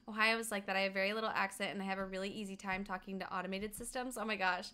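A young woman from Colorado chatting casually and quickly while streaming a game, reading out chat and humming along. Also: medium pitch, steady tone, bright, forceful tone. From Colorado, USA. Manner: fast-talking, chatty, reads chat aloud, hums along.

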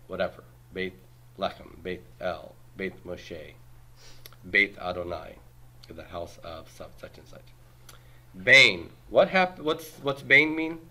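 A man lectures a classroom of students, and his voice sits fairly low with a bright, forceful edge. He explains step by step and keeps throwing questions to the class. His comparisons are plain, everyday ones. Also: expressive, slow. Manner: explains patiently, quizzes the class, uses homely comparisons. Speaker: Hebrew grammar teacher.

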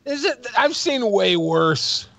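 A man's voice: high voice, big pitch swings, takes it slowly, vocal fry, fairly bright tone. A man co-hosting a commentary show, mocking and blunt, swearing freely. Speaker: co-host. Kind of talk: commentary on clips.

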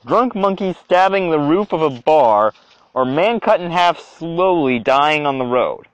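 Animated young man, dull lo-fi sound. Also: on the high side, a little slow, no room sound. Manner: animated, exclaiming, talks to himself. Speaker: video creator. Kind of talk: reaction commentary. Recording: dull lo-fi dry recording.

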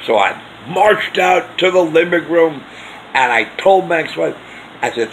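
A man's voice: fairly high pitch, expressive, measured pace, a bit bright, slight background noise, poor audio. A man earnestly telling a personal story in a rambling way for his vlog. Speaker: vlogger.

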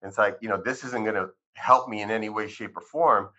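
A man's voice: on the low side, fairly quick. A man in his fifties, a physician guest, telling his life story in an interview and acting out the conversations he recalls. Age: 50s. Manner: animated storyteller who acts out dialogue. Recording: dull lo-fi sound.

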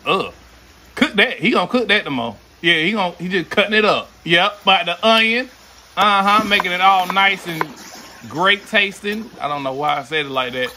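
Guy with a high voice riffing and cussing over clips, noisy hiss behind him. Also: bright, forceful tone. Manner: loose, joking running commentary with frequent swearing. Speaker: reaction video host. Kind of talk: casual reaction commentary.

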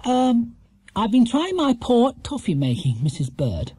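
A man's voice: very high-pitched, animated, normal speed, dark tone, husky, no echo, voice pushed up, heavily acted. A man doing a timid, polite little bear. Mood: sheepish. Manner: hesitant, apologetic. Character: polite anxious young bear.

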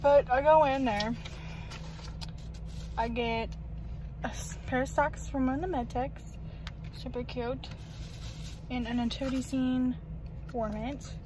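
A woman's voice: sits high, steady tone, unhurried, long pauses, background noise. A young adult woman chatting casually in her daily vlog, giggly and rambling with lots of fillers, filming herself from her car and then at home. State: out of breath. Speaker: vlogger.

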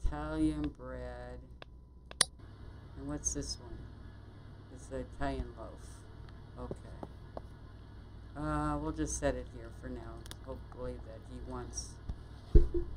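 A woman playing a bakery shop game, muttering to herself as she works, with quick exclamations and mild swearing. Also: a bass voice, steady tone, very noisy. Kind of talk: casual let's-play commentary.

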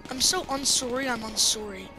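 A young woman giving jokey, excitable commentary while playing a game, repeating her apologies again and again. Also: a little high, moderate pace, over music. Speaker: gameplay streamer. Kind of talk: casual gameplay commentary.

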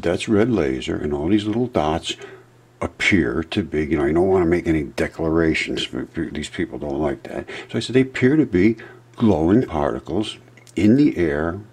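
Low husky-voiced man rambling on. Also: darkish tone. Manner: meandering, loses track and restarts. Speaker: amateur science vlogger. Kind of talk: rambling storytelling and explanation.

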